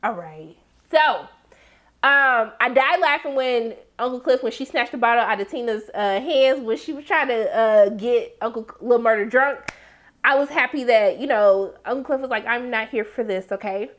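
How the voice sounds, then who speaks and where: A woman giving a casual, slangy recap and review of a TV episode, breaking into high exclamations. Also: normal speed, a bit bright.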